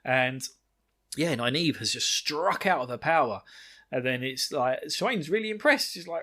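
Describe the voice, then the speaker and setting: A man's animated, medium-pitched voice comes across pushed and bright as he hosts a podcast. He goes over a book chapter in casual conversation, wandering off on tangents, laughing, cursing occasionally, and performing quick quotes.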